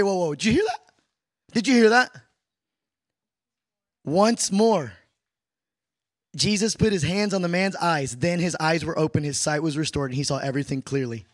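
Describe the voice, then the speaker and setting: A man leads a casual sermon-style lesson, his voice sitting high and lively. He jumps into playful asides to his audience. The sound is dry and close, with no room echo. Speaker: preacher teaching a class on prayer. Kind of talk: conversational sermon teaching.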